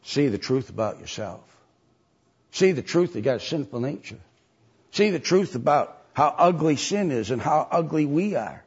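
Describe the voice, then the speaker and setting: Husky preacher guy, emphatic, kinda muffled lo-fi sound. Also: on the high side, lively intonation, moderate pace, a little mellow. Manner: emphatic, mocking voices when quoting others. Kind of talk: sermon. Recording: dull lo-fi recording.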